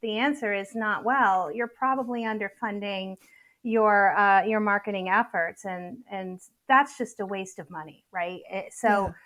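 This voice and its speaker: A woman's voice: mid-range voice, unhurried, a bit bright. A woman marketing consultant with a Boston and Worcester accent, giving thoughtful answers with some restarts. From central Massachusetts. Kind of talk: interview answers.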